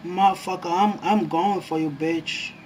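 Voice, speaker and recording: High-pitched, slow-talking excitable young man. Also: a little hiss or hum. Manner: excitable, swearing, jumpy and nervous. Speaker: gaming YouTuber. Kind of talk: live gameplay commentary.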